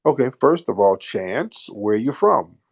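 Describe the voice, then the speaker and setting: A man's voice: on the low side, expressive, a little slow, gravelly, darkish tone, slightly rough. A man hosting a live call-in room, bantering with callers in a crude, mocking, joking way.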